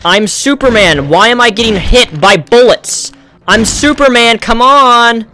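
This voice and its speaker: A young man giving let's-play commentary on a console game. He sounds exasperated and breaks into loud, frustrated outbursts. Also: very high voice, a little slow. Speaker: gamer.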